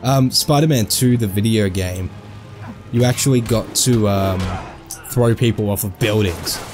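A man giving casual, jokey let's-play commentary, excitable and full of goofy asides. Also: fairly low pitch, unhurried, soft background music. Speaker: gameplay commentator.

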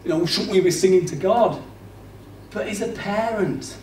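A man's voice: sits high, normal speed, far from the mic, slight background noise. Man preaching in an echoey church. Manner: conversational, swings from loud to hushed. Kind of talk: sermon. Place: church hall. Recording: roomy, off-mic church recording.

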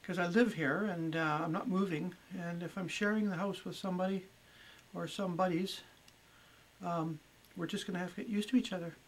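Middle-aged woman, chatty and unhurried. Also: on the low side, steady tone, slight background noise, rough recording. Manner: chatty and unhurried, with many ums and uhs. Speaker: homeowner and guest. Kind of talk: casual storytelling. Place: her own house at night, indoors.

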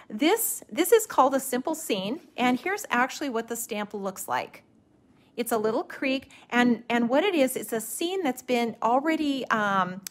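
A middle-aged woman leads a live craft demonstration, her voice pitched a little above the usual. She talks in an easy, patient way and often circles back to restart a phrase. She sounds like she is walking viewers through each step. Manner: relaxed, gently instructive, with frequent restarts. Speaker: watercolor stamping instructor.

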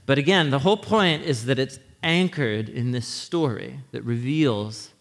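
A man preaching a sermon in a church, teaching in a conversational, animated way and often checking in with his listeners. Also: medium pitch, a little slow, gravelly. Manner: animated teaching with frequent restarts. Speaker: pastor. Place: church sanctuary. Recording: long hall reverb.

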